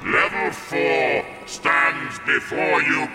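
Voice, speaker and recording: Actor doing a super slow, grand moon herald, echoey room, loud music. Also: mid-range voice, lively intonation. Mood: solemn. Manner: ceremonial, grand proclamations. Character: solemn herald of the moon court.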